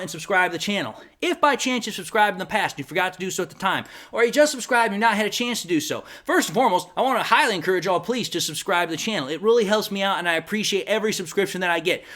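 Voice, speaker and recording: High-voiced chatty man giving football takes. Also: fairly bright tone. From Detroit Lions fan. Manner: chatty, opinionated, trips over words. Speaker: sports fan channel host. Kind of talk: casual sports commentary vlog.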